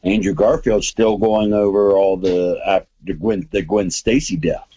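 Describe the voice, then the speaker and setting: A man guesting on a casual movie chat, relaxed, retelling scenes by quoting characters. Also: lowish voice, a little slow, dry recording, dull audio.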